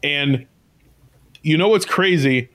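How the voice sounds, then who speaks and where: A man's voice: a little high, slow, fairly bright tone. A man co-hosting a casual podcast chat, rambling, swearing and laughing often. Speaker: podcast co-host.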